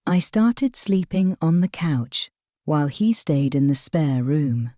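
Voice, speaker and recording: Woman reading a storytime script, slow and measured, low mellow voice. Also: lively intonation, dry recording, clean studio sound. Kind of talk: scripted first-person storytime narration.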